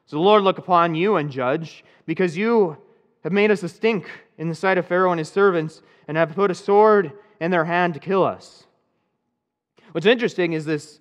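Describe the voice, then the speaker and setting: A man delivers a sermon in a relaxed, conversational manner, with a touch of dry sarcasm. His voice sits slightly high for a man. The sound rings with a long, hall-like reverb. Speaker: pastor.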